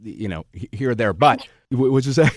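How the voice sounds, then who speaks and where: Halting male interviewer, dry sound. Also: medium pitch, lively intonation, no echo. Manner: rambling, halting questions. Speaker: interviewer host. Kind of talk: casual interview chat.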